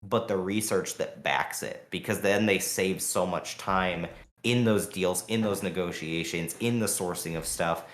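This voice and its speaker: A man co-hosting a podcast, talking fast and heatedly in a long rambling rant full of fillers. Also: deep voice, reverberant, a little hiss or hum. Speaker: podcast co-host. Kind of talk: casual podcast chat.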